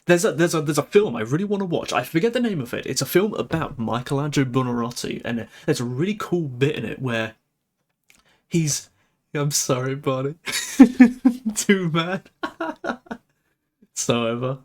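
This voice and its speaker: A young man chatting on a live stream, excitable, giggly and stammering as he talks. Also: fairly high pitch, moderate pace, long pauses. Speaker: VTuber streamer. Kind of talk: casual live-stream chat.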